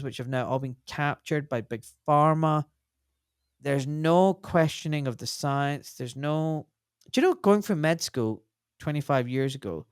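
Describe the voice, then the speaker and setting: A man's voice: fairly high pitch, clean tone, no room sound, clean studio sound. A man in his forties, a doctor and podcast guest, telling stories bluntly and animatedly, swearing freely in casual conversation.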